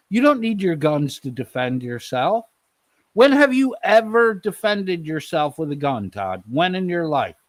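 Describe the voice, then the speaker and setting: A man's voice: a little high, no room sound. A man hosting a live stream, scolding someone in a heated, profane rant and repeating his name.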